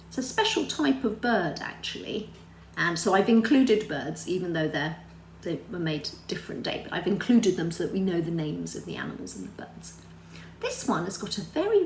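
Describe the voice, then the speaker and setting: A woman telling a story lesson to young children, animated and sing-song, often quizzing her listeners. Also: mid-range voice, gravelly, roomy sound, slight background noise, low-quality recording. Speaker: children's religious teacher.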